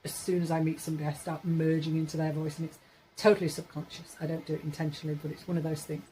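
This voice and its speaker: A woman's voice: low-pitched, level tone, fast talker, mellow, slight background noise, poor audio. A woman in her forties from Yorkshire, England, chatting casually to camera in a rambling way, correcting herself as she goes. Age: 40s. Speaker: vlogger.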